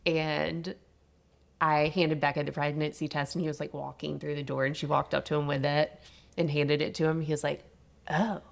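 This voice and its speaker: A woman in her thirties tells her own story as a podcast guest. Her voice sits low with a gravelly fry, and she talks candidly and with animation. She laughs easily between sentences. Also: little pitch movement, moderate pace. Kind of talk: personal storytelling in casual chat.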